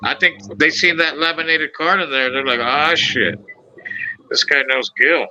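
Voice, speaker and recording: A man's voice: on the high side, a little slow, muffled recording, a little hiss or hum. A man hosting a podcast, telling stories in casual chat, swearing freely and acting out the voices of the people he quotes. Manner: animated, profane, acts out quoted voices. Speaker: podcast host.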